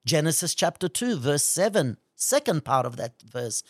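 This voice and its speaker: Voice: mid-range voice, big pitch swings, moderate pace, husky, dry recording, clean studio sound. A preacher giving a fervent sermon, often speaking in the first person as God and pressing pointed questions. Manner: fervent, speaks at length in God's voice.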